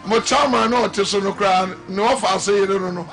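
A Ghanaian man preaching on a live radio and TV broadcast, half-singing his words and breaking into shouts. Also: high voice, fairly quick, creaky, faint music behind. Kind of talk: live broadcast sermon and talk.

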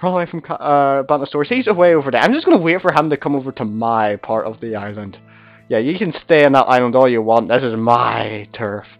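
A man's voice: a little high, no echo. Young guy narrating his game, chatty, yelps when stuff happens, dry dull lo-fi mic. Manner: excitable, chatty, shouts and gasps at danger. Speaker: gamer commentator. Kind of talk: gameplay commentary.

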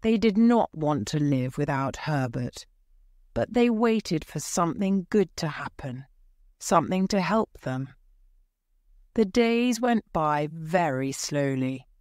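Lady reading a story out slow and clear, low voice, dry close sound. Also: expressive, a little mellow, no room sound. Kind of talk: scripted story narration for English learners.

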